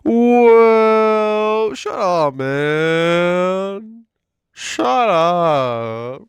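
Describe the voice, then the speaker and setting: A man mimicking a loud, mocking retail boss. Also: on the high side, sing-song, drawn-out words, clear, resonant tone, no echo, pitched above the performer's own voice, full character voice. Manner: dismissive, shouting.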